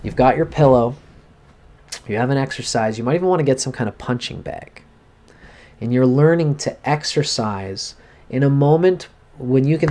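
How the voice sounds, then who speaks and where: Earnest man giving an astrology reading. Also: mid-range voice. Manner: earnest, coaching, animated, demonstrates with a prop. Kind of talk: live-stream cold reading, speaking to a viewer.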